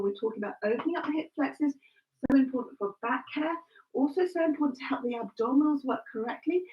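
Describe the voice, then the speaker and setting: Woman fitness instructor, high voice, far from the mic, kinda muffled. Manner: encouraging, cueing breaths and counts. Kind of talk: live exercise class instruction. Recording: distant, dull lo-fi live stream.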